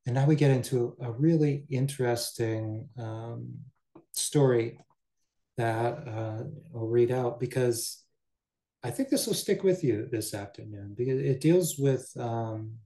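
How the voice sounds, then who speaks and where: Mellow-voiced man giving a dharma talk. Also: mid-range voice, a little slow, gravelly. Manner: relaxed, with asides and chuckles. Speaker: Buddhist teacher. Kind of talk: dharma talk, reading and commenting. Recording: roomy echo.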